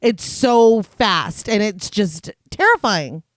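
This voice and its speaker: Woman podcast co-host, mid-pitched, dry close mic, teasing and reactive. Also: lively intonation, slow pace, no room sound. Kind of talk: casual podcast chat.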